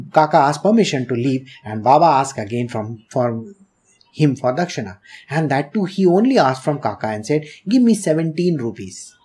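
A man's voice: mid-range voice, a little mellow, slightly rough. A man giving a devotional talk, explaining patiently with questions and asides and dropping into Hindi. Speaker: spiritual teacher. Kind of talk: devotional discourse.

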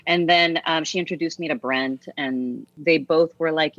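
Low-voiced woman telling her story. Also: moderate pace, fairly bright tone, no echo. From United States. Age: 40s. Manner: earnest, reflective storytelling with frequent fillers. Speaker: interview guest, music teacher and author. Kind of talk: casual reflective interview talk. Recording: slightly dull, dry recording.

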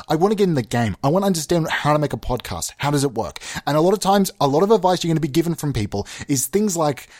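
A man hosting a comedy podcast, rambling in a mock-pompous, deadpan way, lurching between mumbled asides and loud outbursts. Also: mid-range voice, no room sound, clean studio sound. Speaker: podcast host.

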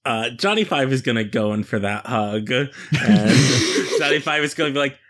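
A man's voice: medium pitch, expressive, normal speed, a bit bright. A man playing a tabletop game, easygoing and jokey. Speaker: player. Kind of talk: casual tabletop play.

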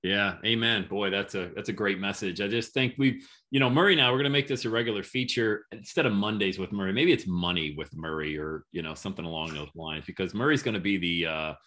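A man's voice: low voice, fast talker, hardly any pauses, bright, forceful tone. A man hosting a podcast interview, talking in an upbeat, encouraging and casual way. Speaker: podcast host.

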